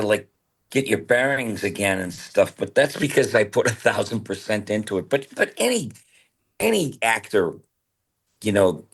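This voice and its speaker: A man's voice: lowish voice, slightly rough. A man in his seventies, a voice actor, telling candid, rambling stories as a guest in a casual interview. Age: 70s.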